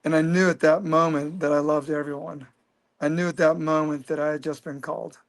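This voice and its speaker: A man in his fifties telling a personal story as an interview guest, earnest and animated. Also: a little high, fairly quick. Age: 50s.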